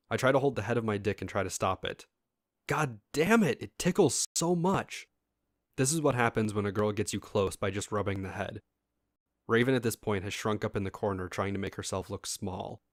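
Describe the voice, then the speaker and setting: Reading a first-person story aloud, a man with a fairly low voice keeps things easy and casual. Every so often he stops to address his listeners directly. The audio is close and dry, without any room echo.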